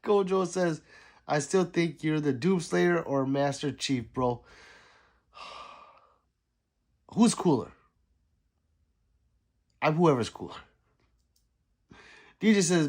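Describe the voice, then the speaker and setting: Slow and full of long pauses, this fairly high-pitched male voice comes from a middle-aged man who is unwell. He runs a relaxed livestream, reading out chat messages while laughing and tossing in sarcastic comments.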